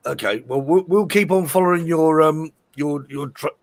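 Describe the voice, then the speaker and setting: A man's voice: on the high side, moderate pace, no room sound. A man with a slightly raised voice hosts a live online chat show. He talks in a loose, conversational way, often repeating words and restarting sentences as he thinks. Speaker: show host.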